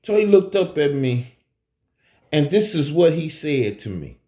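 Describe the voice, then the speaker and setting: A man telling a profane personal story on a live stream, swinging between low asides and high, shouted quotes. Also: big pitch swings, a little slow, echoey room.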